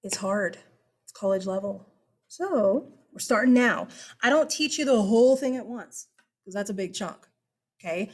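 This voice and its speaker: A woman's voice: medium pitch, lively intonation, moderate pace. A woman history teacher giving casual online class instructions in a chatty, upbeat way, laughing now and then and using many fillers. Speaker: high school history teacher.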